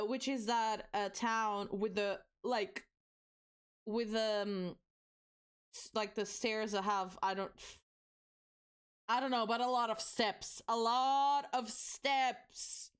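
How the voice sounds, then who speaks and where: A woman's voice: a little high, smooth. A young woman from Portugal with a Portuguese accent, chatting casually with her live-stream chat while building a set. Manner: chatty, animated, reacts to chat.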